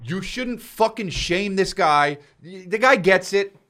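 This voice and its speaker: Podcast host, male, lively pitch, swears a lot, acts out the quotes. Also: measured pace. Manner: animated storyteller, swears often, acts out quotes. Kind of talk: casual chat.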